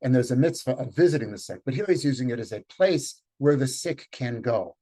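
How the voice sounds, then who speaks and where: An older man reads out lines of Yiddish and stops to unpack each word for his students. His voice is husky and a little rough, his pitch sits in a plain middle range, and he talks in a relaxed, thinking-aloud way. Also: fairly quick. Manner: thinks aloud with fillers, explains words step by step; switches between English and read Yiddish lines. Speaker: Yiddish teacher leading a community read. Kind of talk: informal lecture reading and explaining a text.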